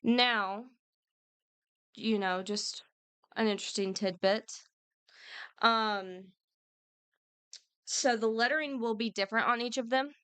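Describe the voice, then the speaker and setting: A woman's voice: a little high, takes it slowly, pauses often, a bit bright, clean tone, dry recording. A woman co-hosting a podcast in casual chat, laughing often and stumbling a little as she reads notes aloud. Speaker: podcast co-host.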